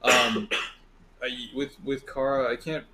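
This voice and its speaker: A man chats casually about a video game, retelling his playthrough as an animated storyteller who acts out the characters between bursts of laughter. His mid-range voice takes things slowly, and the recording is very noisy.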